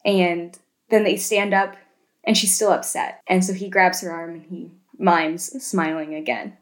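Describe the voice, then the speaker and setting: A woman co-hosting a casual podcast, retelling film scenes in an animated way and tagging lots of questions. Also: on the low side, measured pace. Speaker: podcast co-host.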